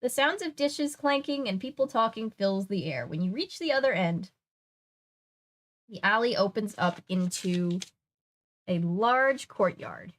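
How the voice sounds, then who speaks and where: Chatty young woman reading aloud. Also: medium pitch. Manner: chatty, joking asides. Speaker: streamer reading a kids' book. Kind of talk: casual read-aloud with chat asides.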